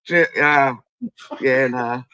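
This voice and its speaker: Aussie woman ranting through a story, swears a lot, punchy bright voice, dry close sound. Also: rumbling low, extremely slow, clean tone, dry recording, lo-fi sound. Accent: Australian. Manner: blunt, heavy swearing, acts out other people's voices. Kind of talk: casual storytelling chat.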